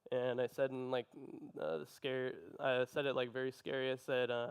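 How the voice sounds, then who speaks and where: A young man giving an earnest personal testimony, telling his story in a halting way. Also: mid-range voice, level tone, smooth. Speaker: testimony speaker.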